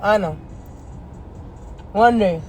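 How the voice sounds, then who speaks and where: Sitting in his parked car, an astrology vlogger chats casually to the camera with soft music in the background. His voice is high and he draws out his words, telling animated stories full of profanity and slang and laughing often between lines.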